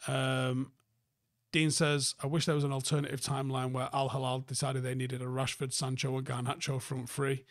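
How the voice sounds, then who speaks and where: A man's voice: medium pitch, monotone, normal speed, dry recording, studio quality. A man hosting a casual live stream, reading out viewer comments and riffing on them in a rambling, sweary way with lots of ums and restarts. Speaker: army veteran.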